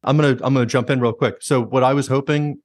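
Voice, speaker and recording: A man hosting a podcast in casual chat, talking fast and swearing freely, acting out quotes in mocking voices. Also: mid-range voice, no room sound, clean studio sound. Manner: fast, animated, swears a lot, acts out quotes in jokey voices. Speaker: podcast host.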